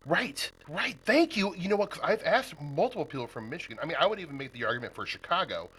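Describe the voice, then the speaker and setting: A man's voice: on the high side, animated, fast, fairly bright tone, husky, poor audio. A man from Nebraska hosting a podcast, chatting casually and laughing often with his guest. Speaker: podcast host. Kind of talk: casual interview chat.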